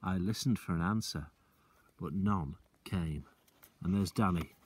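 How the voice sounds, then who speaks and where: A male teacher reading a children's book aloud, expressive and slowing down for suspense. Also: sits low, a little hiss or hum.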